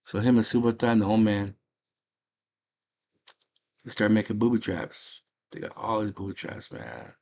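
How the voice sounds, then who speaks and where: A man's voice: on the low side, steady tone, moderate pace, gravelly, pauses often, a little mellow. Slangy man recapping a movie. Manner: slangy, enthusiastic storytelling. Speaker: movie channel host.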